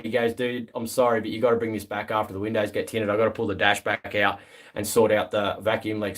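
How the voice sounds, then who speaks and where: Chatty Australian man hosting a livestream. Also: medium pitch. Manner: relaxed and chatty, many fillers, greets viewers as mate. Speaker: livestream host. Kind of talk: casual live-stream chat reading viewer comments.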